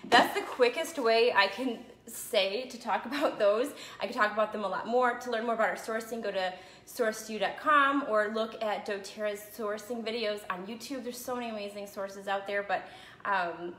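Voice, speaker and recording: A woman's voice: mid-range voice, normal speed, a bit bright. Woman, casual phone live video, slightly winded, chatty with constant check-ins, echoey room. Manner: chatty, keeps checking in with "okay?" and "right?". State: a little out of breath after a run. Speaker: essential oil seller. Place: her home.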